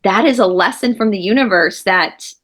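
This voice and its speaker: A woman's voice: mid-range voice, normal speed, fairly bright tone. Woman, co-host, emphatic and earnest, rambling, video call. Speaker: co-host interviewer. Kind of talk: casual video-call chat.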